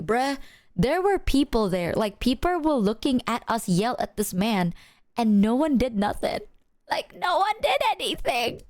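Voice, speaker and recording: Animated, chatty young woman streamer. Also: sits high, no room sound, studio quality. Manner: animated, chatty, heavy filler "like", swears. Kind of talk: casual storytelling to chat.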